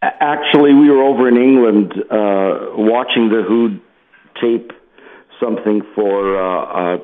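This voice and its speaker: A man's voice: fairly low pitch, unhurried. Older man, Canadian accent, tinny phone-line sound, easygoing storyteller, hesitant fillers. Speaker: guest musician. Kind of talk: phone interview. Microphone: telephone.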